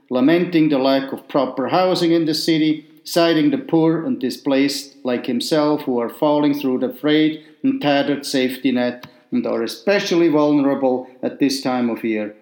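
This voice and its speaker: A man's voice: medium pitch, a little mellow. Man reading a memoir in an echoey room. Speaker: storyteller. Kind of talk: first-person memoir reading. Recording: roomy echo.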